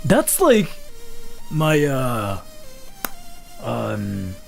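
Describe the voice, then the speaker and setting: A man's voice: mid-range voice, drawn-out words, creaky, faint music behind. A man from Japan chatting casually with his stream chat, rambling with lots of fillers. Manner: loose and rambling, many fillers, lively ups and downs. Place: VR chat room.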